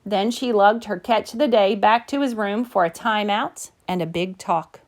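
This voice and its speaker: A woman narrating a rhyming children's picture book in a gentle, rhythmic storytelling manner. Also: mid-range voice, moderate pace. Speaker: storybook reader. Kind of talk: scripted narration.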